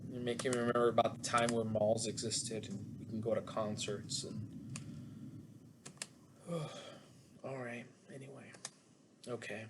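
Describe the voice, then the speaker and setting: A man's voice: mid-range voice, little pitch movement, measured pace, long pauses, fairly bright tone, slight background noise. Chatty man giving an online physics lecture. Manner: chatty, jokey asides to students. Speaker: physics instructor.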